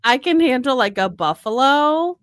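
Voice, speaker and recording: A woman's voice: high voice, animated, moderate pace, clear, resonant tone, dry recording. A woman co-hosting a comedy podcast, giving blunt, teasing, offhand replies. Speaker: podcast co-host. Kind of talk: casual comedic podcast banter.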